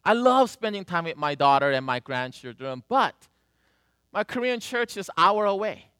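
A woman's voice: on the low side, big pitch swings, moderate pace, a bit bright, clean tone, no room sound, clean studio sound, pitched above the performer's own voice. A man voicing a petite Korean grandmother in her seventies, pleading in prayer and speaking broken English. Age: 70s.

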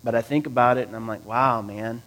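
A man preaching a sermon, reading scripture aloud and explaining it in a conversational way, asking his listeners questions and swinging between loud and quiet. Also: medium pitch, fairly even intonation, fairly quick. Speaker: pastor.

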